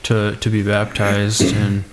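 A man co-hosting a podcast, speaking slowly and haltingly. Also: fairly low pitch, completely flat delivery, slight background noise. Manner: slow, halting. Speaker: podcast co-host. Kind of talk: casual discussion.

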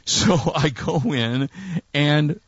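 A man's voice: on the high side, very slow, dry recording, muffled recording. A man co-hosting a casual chat, telling a long story and acting out quotes in exasperated tones. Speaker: co-host.

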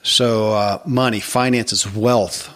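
A man hosting a podcast, speaking reflectively with halting restarts. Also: lowish voice, fairly even intonation, fairly bright tone. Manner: thoughtful, halting, with repeated restarts. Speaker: podcast host. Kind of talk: reflective conversation.

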